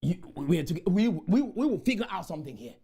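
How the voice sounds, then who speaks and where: A man delivers a rousing motivational talk to a conference crowd. His mellow, dark voice leaps up and down in pitch as he repeats rallying lines and breaks into shouts. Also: sing-song, brisk, creaky, slightly rough. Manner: exhorting, repetitive chants, bursts into shouts. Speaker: motivational speaker. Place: conference room.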